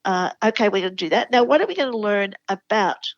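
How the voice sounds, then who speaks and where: An Australian literacy educator and show regular talks fast with lively intonation in a mid-range voice, enthusiastically explaining classroom spelling in a conversational podcast interview. The audio is dull, with no room sound.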